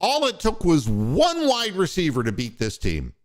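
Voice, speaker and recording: Man, sports talk host, angry profane rant, lively pitch swings, somewhat high voice. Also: moderate pace. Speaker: radio show host.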